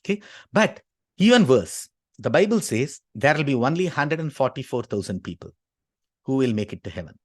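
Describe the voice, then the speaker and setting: A man's voice: medium pitch, big pitch swings, moderate pace, no echo, studio quality. A man from Tamil Nadu, giving an argumentative lecture and dropping "okay" between his points. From Tamil Nadu, India. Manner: emphatic, constantly inserts "okay". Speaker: speaker at a talk.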